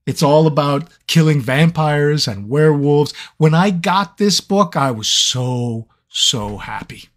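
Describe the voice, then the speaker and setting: A man's voice: a little high, slow, few pauses. A man who narrates audiobooks, chatting playfully with fans in a live Q&A stream and telling stories. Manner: animated, playful storyteller. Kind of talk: live fan Q&A chat.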